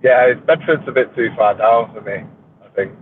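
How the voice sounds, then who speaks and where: The host of a reefing channel does a casual live stream while driving, joking, laughing, and swearing freely. His mid-range voice moves at a moderate pace, and the audio from the car is narrow and tinny with slight background noise.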